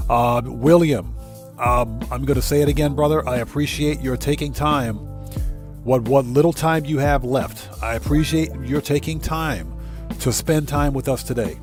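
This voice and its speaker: Man greeting his livestream chat over a soft music bed. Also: medium pitch, moderate pace. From United States. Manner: greets chat viewers one by one, heartfelt. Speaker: livestream host. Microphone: desk mic, no face cam.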